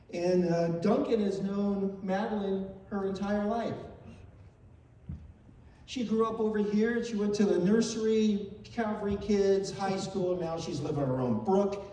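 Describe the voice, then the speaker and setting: A man's voice: on the high side, dark tone, a little hiss or hum. An older man telling heartfelt, emotional stories in a memorial tribute, repeating phrases as he speaks. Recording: very echoey hall, voice from far off.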